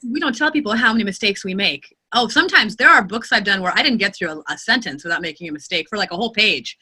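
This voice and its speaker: Bright-voiced expressive woman narrator. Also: mid-range voice, fast talker, a little hiss or hum. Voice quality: expressive, animated storyteller. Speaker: audiobook narrator and voice actor. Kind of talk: interview answers.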